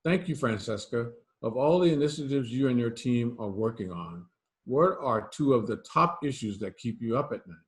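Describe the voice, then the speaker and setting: Guy hosting, reads his intro and questions smooth, mid pitch. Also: expressive, normal speed. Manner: reads prepared lines smoothly. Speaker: dean and show host. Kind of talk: scripted interview questions.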